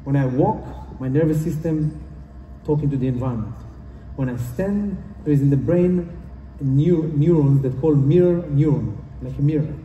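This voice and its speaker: The clip catches a conference speaker from far off in a roomy hall, his slightly high, dark voice moving at a moderate pace through a motivational talk. The sound is lo-fi with slight background noise. He speaks earnestly, repeats himself, and uses non-native phrasing.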